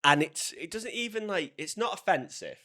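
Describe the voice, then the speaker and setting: A man's voice: high-pitched, big pitch swings, moderate pace, bright, forceful tone. A young man from England co-hosting a casual podcast, ranting bluntly and dismissively. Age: young adult. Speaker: podcast co-host. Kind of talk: casual chat.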